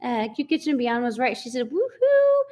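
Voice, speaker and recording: A chatty woman in her forties hosts a relaxed live stream. Her voice sits a little high, and she keeps laughing as she reads out viewer comments. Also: a little fast. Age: 40s. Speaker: livestream host. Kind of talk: casual live chat.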